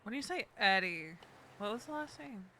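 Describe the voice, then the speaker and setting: High, bright man chatting casually. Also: expressive, moderate pace, slight background noise. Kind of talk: in-character role-play chat.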